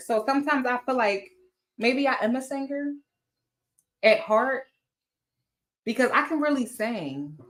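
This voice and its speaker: A woman's voice: sits high, expressive, measured pace, pauses often, a bit bright, echoey room. A woman hosting a casual livestream, greeting viewers by name and chatting loosely, sometimes swearing. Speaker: livestream host. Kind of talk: casual live chat.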